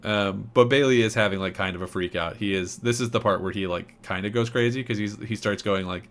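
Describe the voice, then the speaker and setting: Low-ish guy podcaster, goofy retelling of tv episodes, does silly voices for the characters. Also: brisk, hardly any pauses. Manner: animated retelling, acts out characters' lines in mocking voices. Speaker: podcast co-host. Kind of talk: casual episode recap chat.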